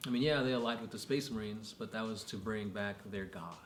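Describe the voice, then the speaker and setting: A man co-hosting a casual chat, talking in a relaxed, loose way with lots of fillers. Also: lowish voice, fairly quick. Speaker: podcast co-host. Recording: echoey room with faint noise.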